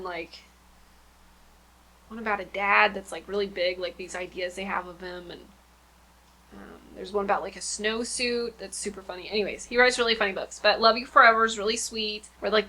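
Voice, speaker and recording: A woman's voice: on the high side, pushed and bright. A woman in her thirties, a homeschooling mom, chatting casually and rambling with many fillers about her kindergarten lessons at home. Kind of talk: casual vlog chat.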